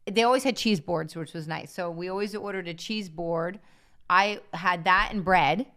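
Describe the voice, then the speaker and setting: A middle-aged woman co-hosting a casual chat show, telling travel stories in a lively way and laughing often. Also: mid-range voice, smooth. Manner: lively storytelling, quick to laugh. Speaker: co-host.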